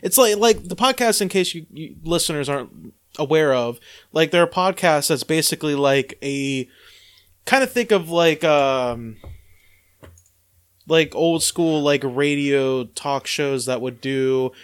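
Casual male podcast host, rambling and filler-heavy, a bit high-pitched. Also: animated, unhurried, clean tone. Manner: rambling, many fillers and restarts.

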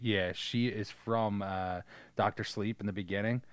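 A man with a low, smooth, resonant voice co-hosts a casual podcast. He talks in a laid-back way and swears freely. The sound is close and dry. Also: fairly even intonation, a little slow, no echo. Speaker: podcast co-host. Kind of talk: casual chat.

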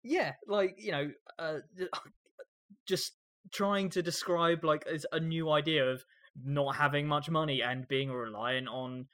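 A man's voice: a little high, fairly even intonation, measured pace, sharp tone. A man co-hosting a podcast in casual chat, rambling with lots of fillers, incredulous and swearing. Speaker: podcast co-host.

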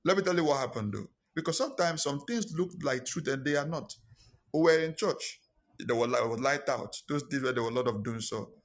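A man's voice: mid-range voice, a little fast. A man preaching a sermon, telling a personal story and repeating his lines for emphasis.

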